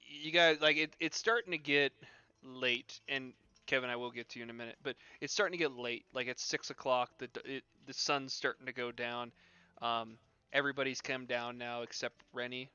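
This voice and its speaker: Bright, crisp male game master. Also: medium pitch, steady tone, normal speed, no room sound, dull audio. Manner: loose narration full of "like" and "um". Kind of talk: narrating a tabletop game on a live stream.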